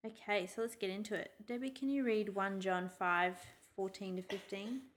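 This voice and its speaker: A woman's voice: medium pitch, steady tone, normal speed, a little hiss or hum. Chatty woman hosting a church podcast. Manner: chatty, leads the discussion with frequent "um"s. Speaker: podcast host. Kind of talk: casual church podcast chat.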